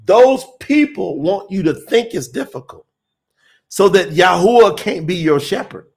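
High, lively man preaching on a livestream. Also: unhurried, gravelly. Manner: emphatic, insistent, laughs often. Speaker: livestream host teaching on scripture. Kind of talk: livestream teaching, reading viewer comments.

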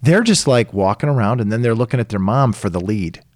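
A middle-aged man tells a story in easy conversation. His pitch rises and falls widely as he acts out the voices of the people in the story. The recording is close and dry. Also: lively intonation, brisk, darkish tone, no room sound. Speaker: podcast co-host telling a story. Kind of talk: casual chat.

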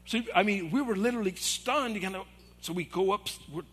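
Animated, bright-voiced male pastor. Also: high voice, brisk. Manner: animated, acts out quoted voices. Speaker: assistant pastor. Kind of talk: storytelling sermon. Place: church hall.

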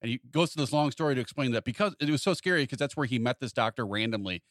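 Fast-talking man telling a story. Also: mid-range voice, no room sound, studio quality. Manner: animated storyteller acting out quoted voices. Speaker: podcast co-host. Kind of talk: casual chat.

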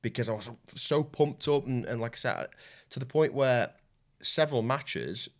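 A man's voice: medium pitch, moderate pace. A man with a Yorkshire accent, a jiu-jitsu coach and guest on a podcast, telling candid stories in casual talk, with frequent restarts and swearing. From Yorkshire, England.

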